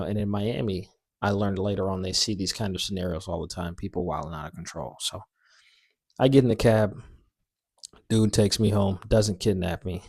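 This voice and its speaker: A young man with a fairly low voice tells a story in a loose, slangy way. He jumps around with animated bursts and pokes fun at himself as he goes. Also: dry recording, studio quality. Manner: animated, slangy, self-mocking. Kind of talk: casual story time.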